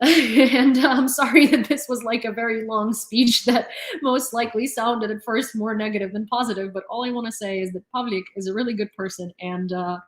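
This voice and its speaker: A woman's voice: fairly high pitch, fairly even intonation, normal speed. Chatty woman streaming in a roomy space. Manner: chatty, rambling, laughs often, many fillers. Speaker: news channel host. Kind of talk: casual live-stream commentary. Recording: roomy echo.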